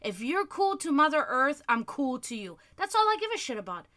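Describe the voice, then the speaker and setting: A woman's voice: high-pitched, big pitch swings, bright, forceful tone. A European woman hosting a livestream, ranting heatedly with lots of swearing in casual talk. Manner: profane, heated, fast ranting. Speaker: livestream host.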